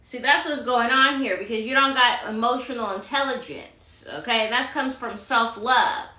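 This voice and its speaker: This woman's voice is a little high, bright and forceful, moving at a moderate pace in a reverberant space. She gives a tarot reading on a phone live stream, an Instagram astrology rant full of sass and profanity, preaching self-love and addressing listeners as honey.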